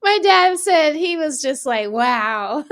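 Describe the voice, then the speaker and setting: A woman's voice: extremely high pitch, expressive, a little slow. A young adult woman co-hosting a casual podcast chat, laughing often as she talks. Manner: giggly, laughs often between remarks. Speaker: podcast co-host.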